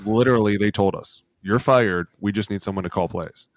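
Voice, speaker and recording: A man in his thirties co-hosting a sports podcast, telling animated locker-room stories full of acted quotes and cursing. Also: fairly low pitch, a little fast, no echo. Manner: animated storytelling with acted quotes, swears freely. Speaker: podcast co-host, former NFL lineman. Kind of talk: casual chat.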